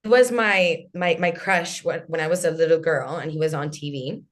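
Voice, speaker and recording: A woman's voice: low-pitched, moderate pace. Chatty woman in her thirties, from Chile. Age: 30s. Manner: animated storyteller, lots of "like" and restarts. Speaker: podcast guest. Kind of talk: casual interview. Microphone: video call.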